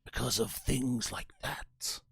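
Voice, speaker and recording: A man voicing a menacing male warlord who commands witches and soldiers, speaking slowly in cold half-whispers. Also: mid-range voice, vocal fry, a bit bright, husky, dry recording, exaggerated voice.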